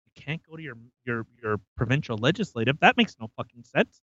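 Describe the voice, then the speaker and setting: A man's voice: medium pitch, big pitch swings, a little fast, a bit bright, no echo, highs cut off. A man hosting a podcast, ranting casually with profanity and rambling repeats. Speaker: podcast host.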